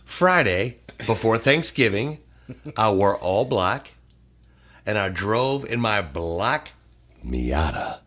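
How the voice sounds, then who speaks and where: A man's voice: fairly low pitch, slow pace. A middle-aged man, a podcast guest, telling stories in casual chat and acting out the people in them. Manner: animated storyteller, acts out quoted voices, swears freely.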